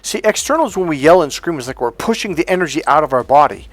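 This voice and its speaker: A man's voice: a little high, expressive, fast, no echo. A man giving a blunt, profane coaching monologue on dating, emphatic and acting out quoted lines.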